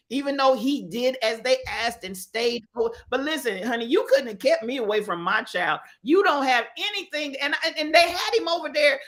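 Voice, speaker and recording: High bright woman, animated stream host, preachy delivery. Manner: animated, greets viewers by name, preachy and emphatic. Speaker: livestream host. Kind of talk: live-stream chat and commentary.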